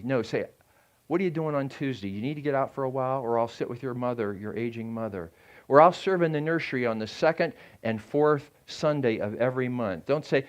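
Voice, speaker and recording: A man's voice: mid-range voice, expressive, normal speed, highs cut off. An older man giving a sermon as a guest preacher, talking in a conversational way and asking the congregation questions.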